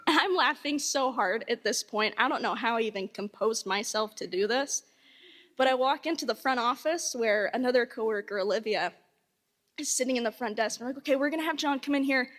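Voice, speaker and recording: A woman's voice: fairly high pitch, moderate pace, fairly bright tone. A woman telling a funny anecdote at a memorial, acting out the quotes with laughter. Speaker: memorial speaker. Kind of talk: storytelling at a memorial. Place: hall at a memorial service.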